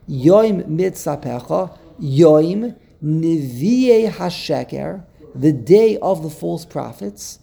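A man's voice: on the high side, expressive, slow, vocal fry, dark tone. A man teaching a Torah text lesson, explaining step by step, quoting Hebrew verses and checking in with "okay?". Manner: checks in with "okay?", repeats words while thinking.

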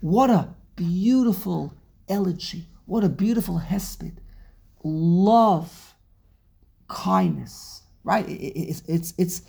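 A woman leads an animated Torah class with a husky, slightly breathy tone. She speaks emphatically and dramatically, posing rhetorical questions and often restarting her sentences. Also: fairly low pitch, takes it slowly. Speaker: Torah teacher.

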